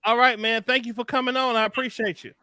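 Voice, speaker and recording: A man's voice: extremely high pitch, level tone, fast, sharp tone, no echo, clean studio sound. A man hosting a casual live stream, chatting with guests and greeting viewers by name in a laid-back, slangy way. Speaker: livestream host.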